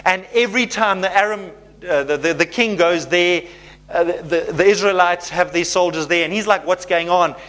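A male pastor with a high-pitched voice preaches animatedly. He keeps his tone conversational and often checks in with the congregation. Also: moderate pace, fairly bright tone. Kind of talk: sermon.

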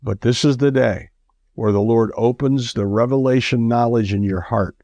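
A man's voice: mid-range voice, moderate pace, warm tone, no room sound. A man preaching a radio sermon, earnest and exhorting, with lots of repetition.

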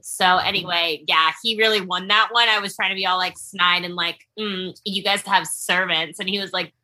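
A young woman co-hosting a podcast, telling stories in a casual, animated chat. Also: lowish voice, brisk. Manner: chatty, animated storytelling. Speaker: podcast co-host.

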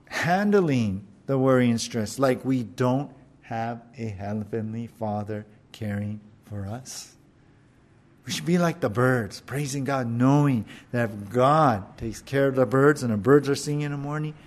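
A pastor with a medium-pitched voice delivers a conversational sermon. He laughs often, puts questions to his listeners, and slows down to stress scripture.

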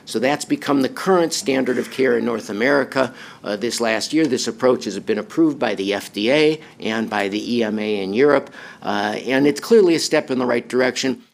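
Gravelly male pediatric oncologist. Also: medium pitch, brisk, few pauses. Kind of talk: interview answer.

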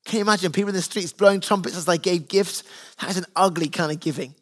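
A male pastor with a fairly high voice delivers a sermon in an earnest, conversational way. He talks to his congregation like he's chatting across a kitchen table. His stories come from his home life with his kids. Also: fast, a bit bright. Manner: earnest, conversational preaching with family anecdotes.

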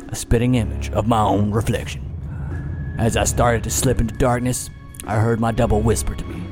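A man's voice: fairly low pitch, lightly acted. A man doing a shaken frontier mayor with a put-on accent. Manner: long grave monologues. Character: male small-town mayor, shaken gunslinger-era storyteller. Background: music.

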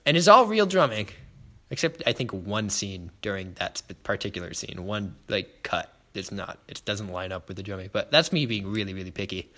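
A man's voice: on the low side, lively intonation, moderate pace, bright, forceful tone. A man co-hosting a casual podcast, animatedly retelling a film scene by scene with frequent "like"s. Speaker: podcast co-host.

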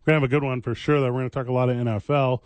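A man's voice: mid-range voice, fairly even intonation, dry recording. Teasing male sports radio host. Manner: teasing, quick banter. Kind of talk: casual sports talk. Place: radio studio. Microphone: studio microphone.

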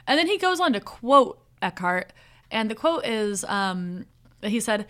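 Young woman, podcast co-host, casual chat, plot recap with filler-heavy animated delivery. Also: medium pitch, measured pace. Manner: animated retelling, frequent "like" fillers.

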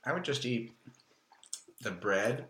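A man making dry, deadpan remarks in casual chat over a meal. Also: mid-range voice, takes it slowly, reverberant, a little hiss or hum.

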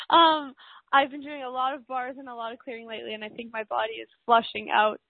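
Slightly hoarse woman host on a phone line. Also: on the high side, flat delivery, fairly quick, dry recording. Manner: rambling, many fillers and restarts. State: slightly hoarse, deep yet squeaky voice. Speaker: radio show host. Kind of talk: casual talk show chat. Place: home in a city high-rise.

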